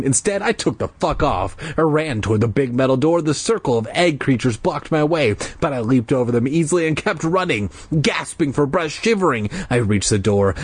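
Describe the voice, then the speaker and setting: A man's voice: medium pitch, slightly rough, dry recording. A man reading a children's book aloud casually, breaking off for sarcastic, profane jokes. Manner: lively, sarcastic, profane asides. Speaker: amateur reader.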